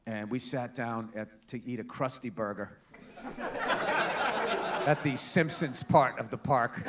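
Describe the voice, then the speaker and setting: A man doing profane stand-up storytelling, shouting exasperated punchlines over a laughing live crowd. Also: medium pitch, a little slow, heavy background noise. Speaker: stand-up comedian. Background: audience laughing.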